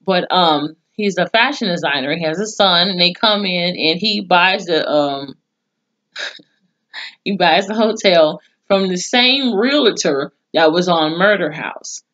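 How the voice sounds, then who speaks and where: A woman giving a casual, profane recap of a TV episode, acting out the characters' lines with animated voices. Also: fairly low pitch, takes it slowly, dull audio. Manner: chatty and profane, with animated acted-out quotes. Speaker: TV episode reviewer.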